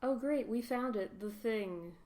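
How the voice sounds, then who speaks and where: A woman's voice: fairly high pitch, unhurried, warm tone. A woman giving casual, rambling, sarcastic commentary over a video game playthrough, laughing often. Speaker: let's play commentator.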